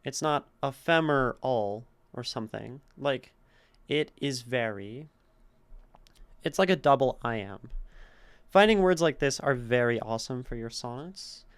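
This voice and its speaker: A man's voice: mid-range voice, a little slow, clear, resonant tone. A man streaming a casual poetry critique, thinking aloud and sounding out the stresses of words. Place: home streaming setup.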